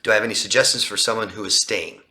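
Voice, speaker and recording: A man's voice: fairly low pitch, steady tone, racing, bright, forceful tone. A man answering viewer questions as a coach in a live talk, emphatic and full of rhetorical questions. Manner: emphatic, rhetorical questions, acts out quoted lines in a raised voice.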